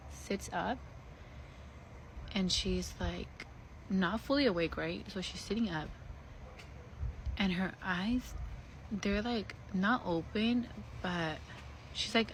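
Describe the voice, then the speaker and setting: In this casual storytime vlog, a young woman chats candidly through her story, swearing a lot and peppering her speech with "like" and "you know." Her medium-pitched voice is a bit bright. The low-quality recording has a little hiss or hum.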